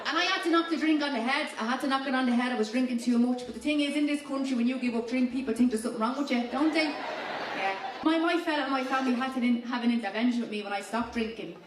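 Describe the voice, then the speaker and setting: A woman's voice: high voice, quick pace, a crowd in the background. An Irish woman doing a stand-up routine, telling a blunt, brash story. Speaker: stand-up comedian. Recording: echoey, noisy stage recording from far off.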